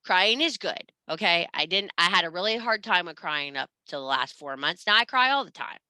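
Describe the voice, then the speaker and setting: A woman's voice: lowish voice, expressive, normal speed, bright, forceful tone, no echo. A woman teaching a spiritual class, blunt and profane, scolding and urging her students. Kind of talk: blunt motivational class talk.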